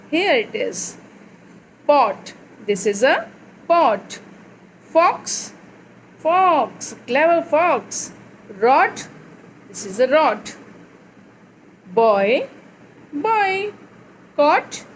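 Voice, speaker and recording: A woman teaching a young child phonics, reading words slowly and clearly and repeating them. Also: high voice, a little hiss or hum, low-quality recording.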